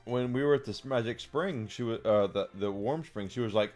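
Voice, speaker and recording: A man's voice: medium pitch, brisk, few pauses, faint music behind. A man streaming a game, chatting with amusement and plenty of filler words. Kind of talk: casual let's-play commentary.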